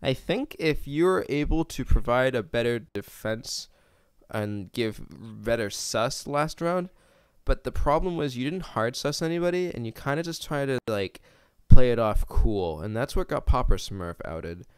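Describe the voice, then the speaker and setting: A man's voice: mid-range voice, animated, measured pace, clear, resonant tone, dry recording, studio quality. A man streaming a party game, talking casually with other players about who to trust. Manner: hums a theme tune while playing. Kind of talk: casual gameplay chat.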